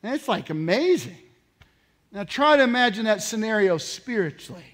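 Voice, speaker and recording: A man preaching a sermon as pastor, acting out quotes and building from quiet stretches to loud shouted peaks. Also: sits high, big pitch swings, normal speed.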